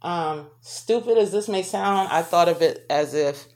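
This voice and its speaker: A woman telling a painful personal story to her viewers, speaking haltingly with many restarts and pauses. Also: lowish voice, a little mellow. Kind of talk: personal testimony to camera.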